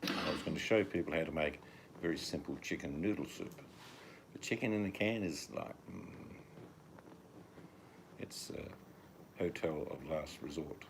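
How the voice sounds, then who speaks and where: A man's voice: a bass voice, background noise. A man with an Australian accent, joking in casual live-stream chat. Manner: joking, drawn-out deadpan asides.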